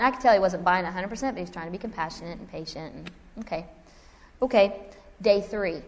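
A woman preaching to a women's gathering, telling a personal story with lively acted-out dialogue and self-mocking humor, then reading scripture. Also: mid-range voice, a little fast, big-room sound.

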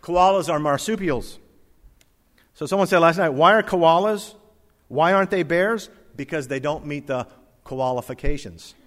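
A man preaching a sermon, reading scripture aloud and swinging between loud emphatic lines and soft quiet ones. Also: a little high, normal speed. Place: church hall with congregation. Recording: long reverb of a hall.

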